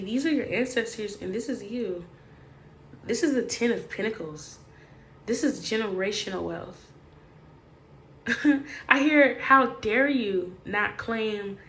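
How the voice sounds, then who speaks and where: A woman's voice: mid-range voice, a little hiss or hum. A woman giving a casual, chatty tarot reading straight to the viewer, emphatic and full of slangy asides. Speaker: tarot reader.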